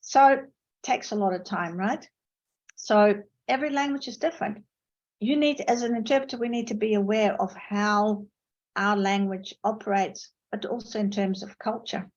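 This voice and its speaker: Here an interpreting lecturer from the Netherlands, whose mother tongue is Dutch, tells stories about her lectures at normal speed. The audio from her video call is lo-fi. It's an online academic seminar talk, delivered anecdotally with pronounced pitch jumps for emphasis.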